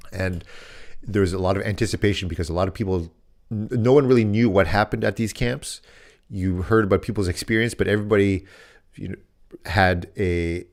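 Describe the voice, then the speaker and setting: Male podcast co-host, very low voice, casual, meandering storyteller. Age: adult dad. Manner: rambling, many restarts and "like" fillers.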